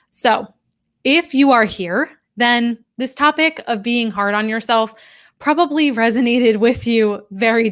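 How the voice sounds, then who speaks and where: Female coach, live-stream talk, direct and conversational with her audience. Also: fairly high pitch. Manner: direct, conversational, addresses viewers. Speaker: career coach and professor of human behavior.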